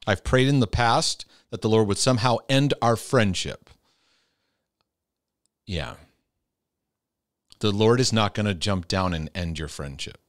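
A male host answers viewer questions on a casual faith-based advice talk, speaking a little slowly with frequent pauses in a voice on the low side. He's conversational, building loud and emphatic, then easing soft. The recording is dry and studio quality.

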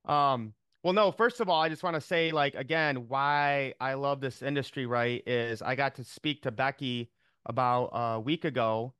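A man's voice: mid-range voice, a little slow, fairly bright tone, clean tone, no room sound. A man chatting on a video call, upbeat and rambling, with many fillers and restarts. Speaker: team member on a call. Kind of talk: casual chat on a video call.

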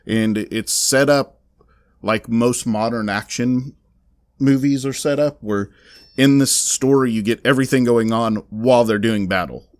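A man's voice: mid-range voice, unhurried, no echo. A man with a Southern US accent on a casual podcast, recapping a comic book in a rambling way with many fillers and restarts. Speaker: podcast co-host reviewing comics.

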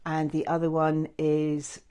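A woman leading a guided meditation with chanting, gentle and effusive, with many fillers. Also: sits low, completely flat delivery, measured pace, clean tone.

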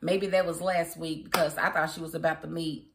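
A woman giving a casual, opinionated spoken review of a TV episode, chatty and quick to laugh. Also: low voice, little pitch movement. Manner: chatty and opinionated, laughs often, mimics characters. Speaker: TV show reviewer.

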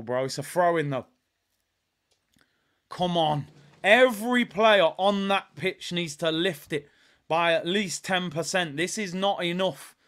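A young man hosting a live football watch-along, reacting with frustration and shouting at the players. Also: sits high. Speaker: fan watch-along host.

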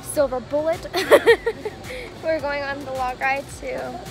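A woman's voice: high-pitched, expressive, slow, creaky. A young woman vlogging at an outdoor theme park, chatty and giggly, filming on a handheld phone. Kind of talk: casual vlog chat. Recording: loud crowd and music noise.

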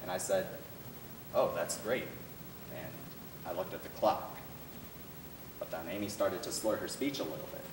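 A man's voice: deep voice, fairly even intonation, normal speed, long pauses, background noise. Teen guy performing an intense, echoey monologue. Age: teens. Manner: intense, shifting between loud outbursts and hushed lines. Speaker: speech team competitor. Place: school performance room. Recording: echoey room, mic far off.

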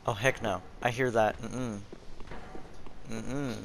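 A young man giving casual, jokey gameplay commentary at home, breaking into loud frustrated outbursts. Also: lowish voice, fairly even intonation, takes it slowly, creaky. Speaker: gaming channel host. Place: home room with dogs around. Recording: loud background noise.

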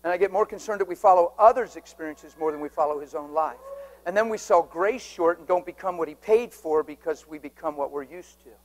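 High-voiced male preacher, lively banter. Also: fairly quick. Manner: lively storytelling with audience banter; asks the crowd questions. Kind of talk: sermon. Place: church hall before a congregation.

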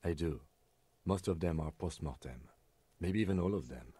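A man voicing a calm, dry-witted police lieutenant in a video game, speaking in a measured, clinical way. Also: low voice, breathy edge, no echo. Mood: composed. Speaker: police detective partner.

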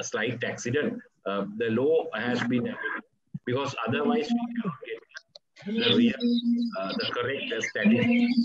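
A man from Sri Lanka, a police media spokesman, giving a measured, halting workshop talk full of fillers and restarts over a video call. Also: mid-range voice, lo-fi sound, slight background noise. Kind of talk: conference presentation.

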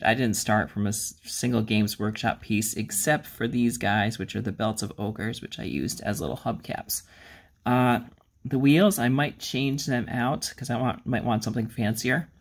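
A man's voice: mid-range voice, normal speed, creaky. A man hosting a miniature-painting channel, talking casually in a rambling, self-deprecating way, with plenty of ums and uhs. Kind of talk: casual hobby vlog.

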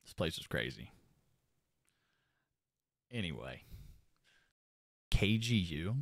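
A young man streamer telling a funny story to his chat in a casual, animated, profane way, often laughing. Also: sits low, takes it slowly, pauses often, no echo.

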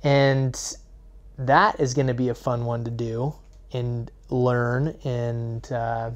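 A man's voice: medium pitch, little pitch movement, slow. A man hosting a casual vlog, chatty and rambling, sometimes losing his thread. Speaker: vlog host.

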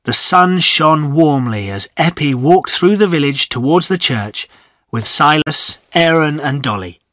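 A man narrating a storybook for English learners at a slow, measured pace. His voice sits at a middle pitch, recorded dry and close. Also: fairly bright tone, dry recording. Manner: measured, clear reading.

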